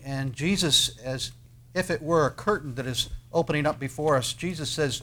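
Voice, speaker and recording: Earnest preaching man with dramatic pauses. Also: mid-range voice, fairly bright tone. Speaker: pastor. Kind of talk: sermon.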